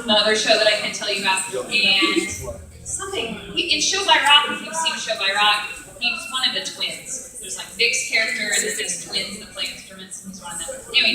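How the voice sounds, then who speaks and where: A woman in her thirties, a voice actress and director, chatting casually on a convention panel with bubbly energy and frequent laughter. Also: mid-range voice. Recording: echoey hall, voice from a distance.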